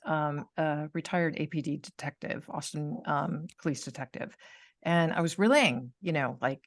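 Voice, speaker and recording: A woman's voice: low-pitched, dry recording, studio quality. A middle-aged woman hosting a podcast, telling a personal story in casual chat over a video call. She acts out the people in her story and laughs often. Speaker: podcast host.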